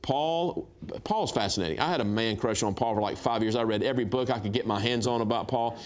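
A man's voice: mid-range voice, brisk. Middle-aged guy telling stories on a talk show, acts out the voices, laughs a lot. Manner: animated storyteller, acts out dialogue, laughs. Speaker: guest minister. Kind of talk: storytelling testimony on a talk show.

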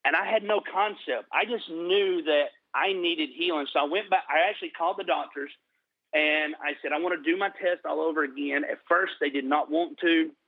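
A middle-aged man telling his personal testimony in an interview, earnest and slowing down for emphasis. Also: on the high side, no room sound. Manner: earnest storytelling, slows for emphasis. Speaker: guest sharing testimony. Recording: tinny phone-like line.

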